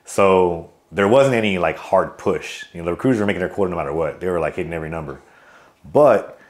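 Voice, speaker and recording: Very low-voiced outgoing veteran man. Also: fast. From California. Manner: loose, rambling, with many fillers and restarts; outgoing joker telling stories. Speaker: army veteran guest. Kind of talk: casual interview storytelling.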